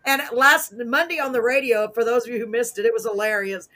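A woman hosting a live talk show, chatting casually in an excitable, goofy, rambling way and correcting herself as she goes. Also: a little high, brisk. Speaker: host of a live radio and web talk show.

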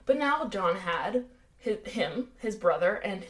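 A woman's voice: mid-range voice, animated, slow pace. An American woman co-hosting a casual true-crime podcast, chatty and wry, with lots of fillers. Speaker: podcast co-host.

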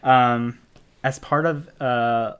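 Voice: medium pitch, fairly even intonation, very slow, fairly bright tone. A podcast co-host chatting casually about films, rambling with lots of fillers and frequent laughter. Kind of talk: casual chat about film.

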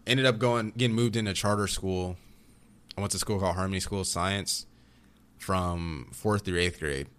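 Deep-voiced young man telling stories. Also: moderate pace, clear, resonant tone. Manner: rambling, animated storytelling with restarts. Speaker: podcast guest. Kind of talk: casual chat.

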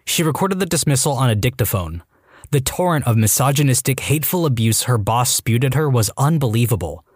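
Man, scripted story narration, animated pitch, dry close sound. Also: a little fast, no echo. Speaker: narrator reading online stories.

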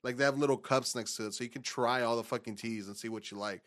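A man's voice: mid-range voice, steady tone, fast talker, fairly bright tone. A man, co-hosting a podcast in loose, profane, rambling chat. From Texas. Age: 20s. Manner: profane, laid-back, rambling. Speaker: podcast co-host. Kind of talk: casual chat.

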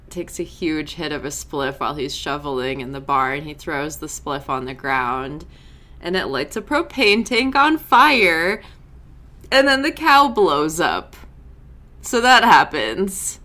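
A young woman talks through an episode in a loose, chatty way, tossing in quick asides as she goes. Her voice sits low for a woman yet has a bright, forward edge to it. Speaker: show recap host. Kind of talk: casual episode recap.

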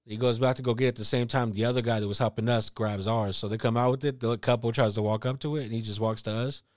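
A man's voice: medium pitch, fairly even intonation, quick pace, no room sound, clean studio sound. A man telling rambling, profane stories in casual podcast chat. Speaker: podcast co-host.

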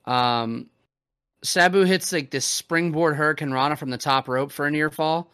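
A man's voice: fairly high pitch, moderate pace, bright, forceful tone, clean tone, no echo, studio quality. A man hosting a podcast, recapping a wrestling show in loose, profane casual chat full of fillers. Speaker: podcast host.

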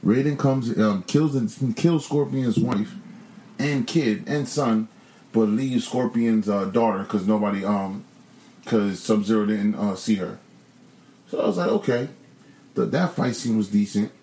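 A man's voice: on the low side, unhurried, dark tone. Blunt, profane man in a roomy room. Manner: profane, blunt, joking rants. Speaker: podcast co-host. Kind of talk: casual chat.

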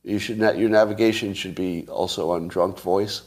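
A man's voice: deep voice, steady tone, normal speed, hardly any pauses. A man from California hosting a show, chatting casually and joking as he rambles between topics. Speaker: host. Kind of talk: casual chat with listeners.

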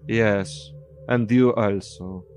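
A man takes the role of a shrewd, formal adventurer who weighs every deal warily. His lowish voice stays stiff and careful, and soft music with a singing bowl plays behind him. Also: steady tone, drawn-out words. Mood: bargaining. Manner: formal, wary, bargaining. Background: ambient music with singing bowl.

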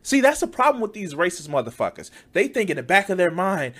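A man's voice: high voice, very animated, fast talker, few pauses, a bit bright. A man giving heated, profane reaction commentary, mocking and swearing often.

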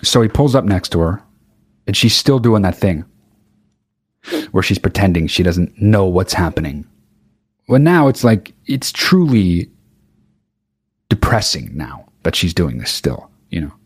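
Young man, casual comic anecdote, profane, rambling, deadpan asides, lowish voice, dry close sound. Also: measured pace, pauses often, husky, no echo. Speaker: storyteller.

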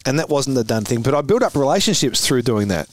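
A man in his forties with an Australian accent, a former footballer telling stories as a guest, animated and often laughing. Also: mid-range voice, quick pace. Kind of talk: casual storytelling interview.

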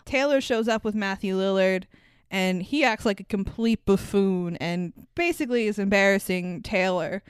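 Smooth-voiced woman chatting casually. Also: medium pitch, moderate pace, dry recording, clean studio sound. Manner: animated, profane, laughs often. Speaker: podcast co-host. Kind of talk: casual movie review chat.

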